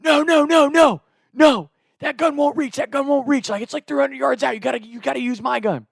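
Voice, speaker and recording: A man voicing his exasperated brother, a hunter who shouts and curses in high-pitched outrage. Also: steady tone, fairly quick, vocal fry, no echo, studio quality. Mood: urgent.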